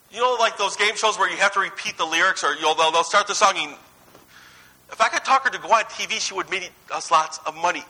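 Bright, high-voiced male preacher. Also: breathy edge, rough recording. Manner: conversational, anecdotal, swings between lively and hushed. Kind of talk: sermon.

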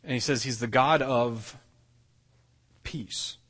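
A man's voice: medium pitch, takes it slowly, a bit bright, in a large hall. A man preaching a sermon as pastor, earnest, often restarting and repeating words as he explains. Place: church sanctuary.

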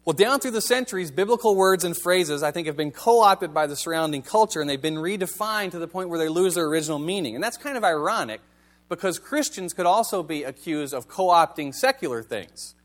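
A man's voice: a little high, expressive, a little fast, fairly bright tone. A male pastor giving a sermon in a conversational, wry manner, reading scripture and asking the congregation rhetorical questions.

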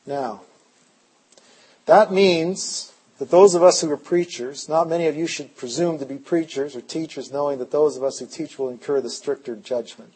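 A male preacher giving an impassioned sermon at a conference, dropping low and quiet, then rising loud and urgent. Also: moderate pace, slightly rough, poor audio. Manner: impassioned, swings from hushed to loud. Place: conference hall.

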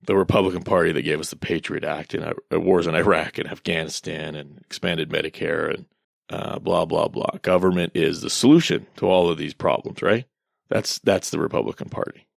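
A man's voice: low-pitched, steady tone, brisk, vocal fry, dry recording, clean studio sound. A man in his thirties giving casual commentary on online posts, ranting in a sarcastic, profane way.

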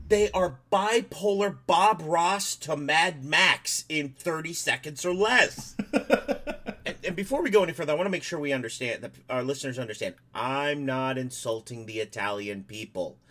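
A man co-hosting a comedy podcast with a bright, forceful voice pitched a little high. He talks loudly and swears freely, laughing through his own jokes. His delivery is brash and teasing. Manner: loud, profane, laughs often. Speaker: podcast co-host. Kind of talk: casual comedic chat.

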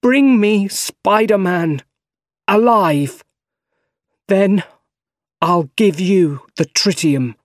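A man voicing a frightened, angry young man, pushing his voice high, loud and strained. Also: takes it slowly, no room sound, studio quality.

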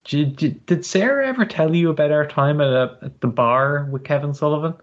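A man's voice: fairly high pitch, brisk. A man from Ireland with an Irish accent, hosting a podcast in casual, rambling chat full of fillers and restarts. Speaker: podcast host. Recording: dull lo-fi podcast audio.

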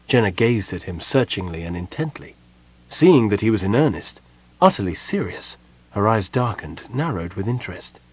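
A man narrating a fantasy audiobook in a steady, even reading voice. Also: fairly low pitch, moderate pace, slightly rough. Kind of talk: scripted narration.

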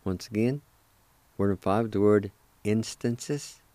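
Teaching Cherokee vocabulary on the radio, a middle-aged host speaks slowly in a fairly low, mellow voice with no room sound. He goes through each word patiently, spelling it out and repeating it one syllable at a time.

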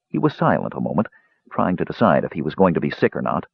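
Husky-voiced male audiobook narrator. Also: rumbling low, no echo. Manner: expressive, measured reading. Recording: dull lo-fi recording.

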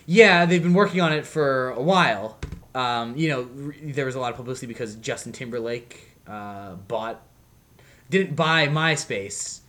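A man's voice: medium pitch, moderate pace, fairly bright tone. Rambling casual man with lots of fillers. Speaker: podcast co-host. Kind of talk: casual chat.

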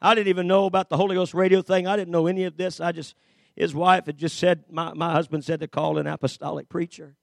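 A man preaching a sermon as a story, swinging between shouted peaks and hushed low stretches, with many fillers and repeated starts. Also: little pitch movement, fast, creaky, dry recording. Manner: dramatic, rises to shouts then drops low.

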